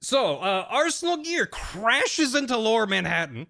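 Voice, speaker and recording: A man's voice: extremely high pitch, a little slow, vocal fry. A man streaming, casually recapping a story in a rambling, jokey way with many restarts and laughs. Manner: animated storytelling.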